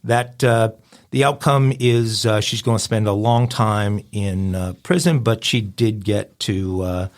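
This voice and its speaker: A man's voice: on the low side, fairly even intonation, a little slow. A man hosting a crime news podcast, reading headlines in a conversational, wry way. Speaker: host.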